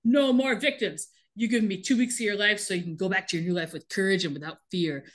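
A woman voicing a gruff male drill sergeant who barks pep-talk orders at recruits. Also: mid-range voice, quick pace, close to an everyday voice. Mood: drill-sergeant barking.

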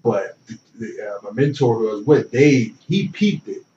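A young man telling stories in casual conversation, animated and acting out the voices of people in his anecdotes. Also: mid-range voice, moderate pace, far from the mic. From from a small town. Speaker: interview guest. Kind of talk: casual storytelling. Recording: roomy, dull and slightly noisy.

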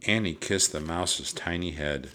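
A man reads a children's storybook aloud with a deep, low voice and an unhurried pace. His tone is bright and crisp, steady and even as he tells the tale. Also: a little hiss or hum. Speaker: narrator.

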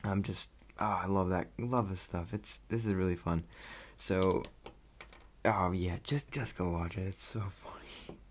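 A young man chatting casually about a movie he loved, rambling and excitable and laughing often. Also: low voice, measured pace, slight background noise. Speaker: vlogger reviewing a movie. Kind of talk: casual chat.

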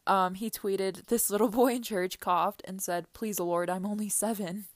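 A woman's voice: medium pitch, fairly even intonation, measured pace, no echo. A young woman hosting a casual solo podcast, chatty and giggly, rambling with lots of fillers. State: teary-eyed. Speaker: podcast host.

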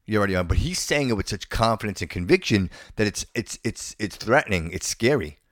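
A man's voice: fairly low pitch, lively intonation, brisk, fairly bright tone, no echo, clean studio sound. A man hosting a podcast, giving an indignant, opinionated rant and often stammering and repeating himself. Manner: stammering, repeats words and restarts phrases. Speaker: podcast host.

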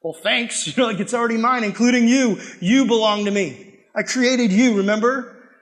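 A man voicing a calm, confident male savior figure in a sermon, amused and matter-of-fact. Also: very high-pitched, moderate pace.

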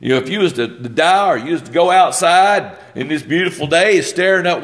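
A man's voice: high voice, expressive, normal speed, hardly any pauses, fairly bright tone. A man preaching a sermon, stumbling and repeating words as he reads scripture and explains it.

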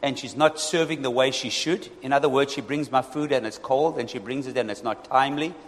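A male pastor preaching a lively sermon, often calling out to his congregation for responses. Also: mid-range voice, fairly quick. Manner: animated, asks the congregation for responses. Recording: long reverb in a hall.

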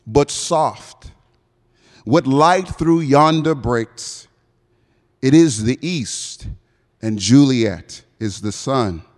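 Romeo, ardent young male lover, man reciting, semi-Bahamian American accent, slow stagey delivery, big echoing hall. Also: mid-range voice, animated. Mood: lovestruck. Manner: dramatic stage recitation with long pauses. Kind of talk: Shakespeare recitation within a sermon.

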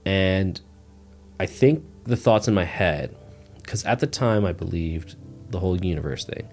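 Soft music plays behind a man with a low voice who talks at a measured pace. He's a guest recounting his personal testimony in an easygoing, rambling storytelling interview, saying "like" constantly.

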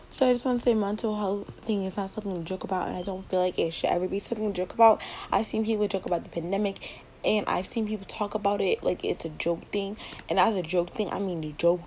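A woman's voice: medium pitch, dark tone, a little hiss or hum, rough recording. A teenage girl hosting her first casual podcast late at night at home, rambling and repeating words with a giggly manner, recorded on a laptop mic. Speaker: podcast host.

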